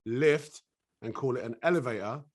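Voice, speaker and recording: Relaxed British man, middle-aged. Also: medium pitch, fairly quick. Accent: British English. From England. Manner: relaxed, laughs easily, slips into voices. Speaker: actor guest. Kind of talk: casual interview chat.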